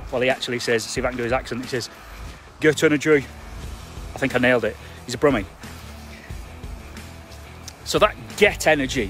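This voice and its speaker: On a live stream, a man who trains property investors in construction coaches them bluntly and emphatically, chatting with lots of fillers. His voice is medium-pitched and a bit bright.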